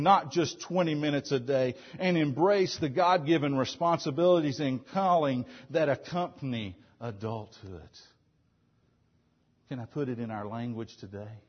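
A man in his thirties preaching a sermon as pastor, emphatic, moving between loud declarations and quiet asides, recorded in a church. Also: medium pitch, slightly rough, lo-fi sound.

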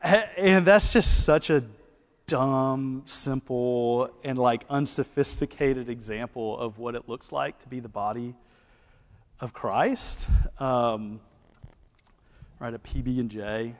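A campus pastor from Alabama with an Alabama accent, speaking at a medium pitch. He tells stories in a relaxed, chatty way full of fillers, and a long hall echo hangs behind his voice. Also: slow pace. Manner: conversational, many fillers. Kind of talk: ministry talk with anecdotes.

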